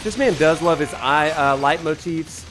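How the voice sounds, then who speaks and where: With a Southern drawl and a slightly high, somewhat bright voice at normal speed, this Alabama man, a streamer and professor, eagerly greets viewers in chat. He is live-streaming gameplay while faint game music plays.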